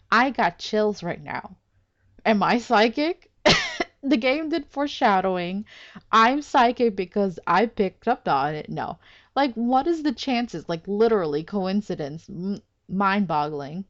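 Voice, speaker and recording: A woman giving casual commentary as she plays a game, excitable, exclaiming and laughing often. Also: medium pitch, unhurried, highs cut off. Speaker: let's play gamer.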